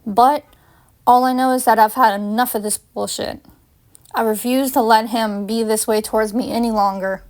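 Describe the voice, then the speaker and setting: Woman narrator, fanfiction read-aloud, fairly high voice, a few stumbles. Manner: first-person narration with small slips and restarts. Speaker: fanfiction reader.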